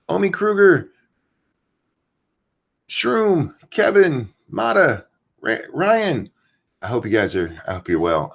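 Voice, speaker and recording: A man's voice: medium pitch, gravelly. A man hosting a casual live stream, ranting with profanity and greeting chat viewers by name while keeping his voice down. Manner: keeps voice down so as not to wake someone. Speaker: host.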